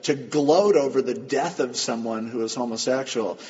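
A man's voice: mid-range voice, normal speed, darkish tone. A man preaching a sermon in an earnest, emphatic, storytelling manner, recorded in a church hall with a dull sound. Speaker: pastor. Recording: dull lo-fi with long hall reverb.

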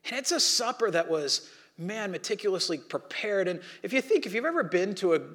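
Male pastor, high voice, conversational animated sermon. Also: fairly quick. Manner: conversational, animated preaching with acted-out quotes.

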